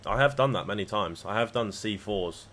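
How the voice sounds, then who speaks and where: A man's voice: fairly low pitch, moderate pace, fairly bright tone, a little hiss or hum. A man chatting casually on a livestream, rambling and swearing freely as he talks to his viewers. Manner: rambling, profane banter. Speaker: live trading streamer.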